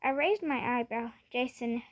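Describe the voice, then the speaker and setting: A woman's voice: on the high side, fairly even intonation, normal speed. A woman reading a children's novel aloud in first person, often restarting words. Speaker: reader.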